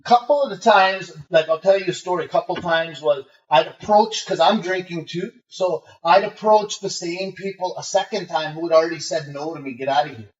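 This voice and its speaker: Cocky swearing guy, kinda high voice, muffled remote audio, sounds far off in an echoey room. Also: normal speed, few pauses. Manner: swears a lot, animated and brash, acts out voices in his stories. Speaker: interview guest, rapper. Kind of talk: casual storytelling interview. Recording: muffled remote call, roomy and distant.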